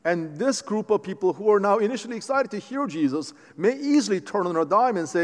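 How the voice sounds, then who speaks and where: A man preaching a sermon as pastor, animated and conversational, often restarting his phrases. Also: high-pitched, brisk, hardly any pauses. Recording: long hall reverb.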